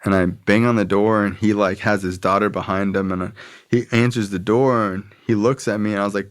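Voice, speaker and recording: A man's voice: fairly low pitch, steady tone, a little fast. A young man from Florida, a podcast guest, telling a story in a casual, profane way and acting out what others said.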